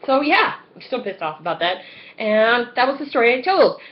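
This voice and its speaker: A woman's voice: on the high side, normal speed, lo-fi sound. A woman in her twenties telling a story in a casual vlog, swearing freely and acting out the other people's lines and her own screams. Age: 20s. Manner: animated, profane, acts out voices and screams. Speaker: vlogger.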